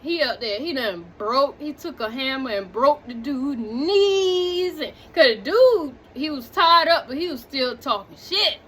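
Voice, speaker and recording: A woman recapping a movie in casual chat, animated and talking straight to her viewers, drifting off on tangents. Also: high-pitched, a little slow, few pauses, a little hiss or hum. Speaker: movie reviewer.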